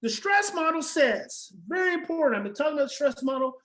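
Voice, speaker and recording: Fervent high-voiced woman presenter. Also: lively intonation, fairly quick, low-quality recording. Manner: emphatic and repetitive, preacher-like, swinging from shouting to hushed near-whispers. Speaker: parenting seminar presenter. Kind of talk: impassioned online seminar talk.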